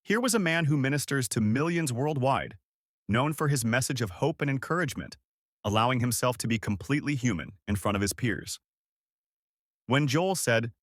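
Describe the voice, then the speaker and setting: A man's voice: mid-range voice, big pitch swings, moderate pace, fairly bright tone, no echo, studio quality. A man reading a scripted voice-over in an earnest, polished way. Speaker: narrator.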